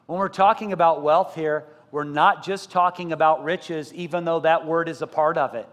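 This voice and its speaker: Middle-aged pastor preaching in a reverberant church. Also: male voice, a little high. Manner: preaching that builds to loud, emphatic repetition; asks the congregation rhetorical questions. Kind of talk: sermon. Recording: long church-hall reverb.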